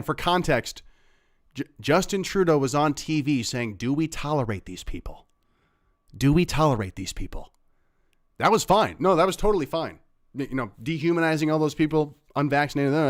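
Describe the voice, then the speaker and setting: A man's voice: on the high side, brisk, no room sound. Man, livestream host, sarcastic, rambling, dry close sound. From Canada. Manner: sarcastic, rambling with fillers and laughs. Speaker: livestream host reacting to clips. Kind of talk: casual live commentary.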